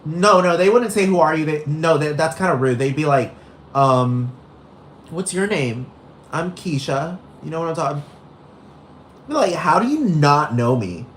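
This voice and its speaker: A man's voice: a little high, animated, unhurried, a little hiss or hum. A man performing a brash, gossipy young woman who goes on a rambling, profane rant in a comedic character monologue. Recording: roomy echo.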